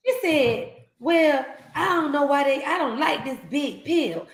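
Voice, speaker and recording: A woman hosting a live stream, telling a story in casual chat, animated and laughing as she acts out the voices in it. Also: high voice, unhurried, few pauses, roomy sound, low-quality recording. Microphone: video call.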